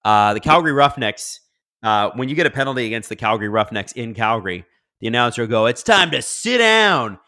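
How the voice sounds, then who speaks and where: Male streamer host, bright edgy tone, excitable play-by-play reactions between quiet mutters. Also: lowish voice, fast talker. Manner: excitable, swings from mumbled asides to loud outbursts. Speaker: live-stream watch-along host. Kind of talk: live game reaction and chat reading.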